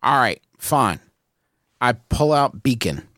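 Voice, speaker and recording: A man's voice: medium pitch, sing-song, takes it slowly, a bit bright, no room sound, clean studio sound. A man playing a tabletop game, joking and swearing as he talks his character through a fight. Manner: brash, profane, joking in character. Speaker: player. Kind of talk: casual tabletop game play.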